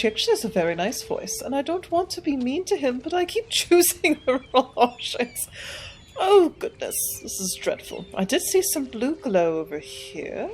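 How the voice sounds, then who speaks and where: This gaming channel host is a woman with a high, very animated voice at normal speed, chatting and giggling while she thinks aloud during a let's play. Faint game music plays in the background, along with a bit of hiss or hum.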